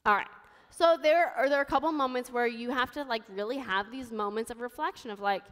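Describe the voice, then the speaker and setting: A woman's voice: on the high side, a little fast, fairly bright tone, in a large hall. A woman in her thirties giving a sermon, telling her own story in a candid, conversational way. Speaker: preacher. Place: church sanctuary.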